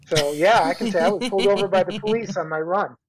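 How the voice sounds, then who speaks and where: A middle-aged man, a guest, telling a long story in a relaxed chat with frequent restarts. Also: high voice, quick pace, crowd noise. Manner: chatty, many restarts and laughing asides. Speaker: guest runner. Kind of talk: casual storytelling. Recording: dull lo-fi sound.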